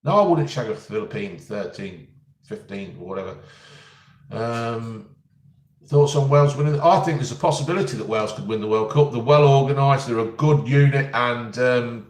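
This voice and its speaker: A man's voice: mid-range voice, moderate pace. A man answering viewers' questions in a casual live stream, blunt and jokey as he reads out each question. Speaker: vlogger answering live chat. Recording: roomy and distant from the mic.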